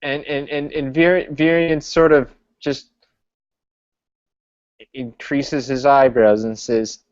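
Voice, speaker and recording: A tabletop player narrates his character's actions haltingly, circling back over his words again and again. He speaks at a very slow pace. The audio is dull and lo-fi, as on an online call. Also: mid-range voice, fairly even intonation, a little mellow, clear, resonant tone, no echo. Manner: halting, many repeated words.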